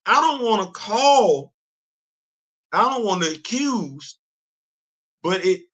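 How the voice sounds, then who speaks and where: A man hosting a comedic live-stream commentary, talking in an animated, teasing, emphatic way. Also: sits high, slow, pauses often, breathy edge. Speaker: host.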